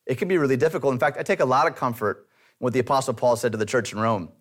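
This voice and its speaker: A man's voice: mid-range voice, very fast. Conversational man preaching a sermon. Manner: conversational, self-deprecating humor. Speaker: pastor.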